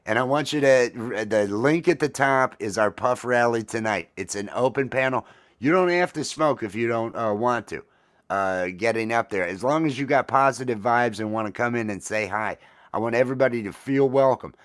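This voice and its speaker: A man's voice: mid-range voice, normal speed. A middle-aged man hosting a casual morning coffee livestream, rambling and self-deprecating with lots of fillers. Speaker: livestream host.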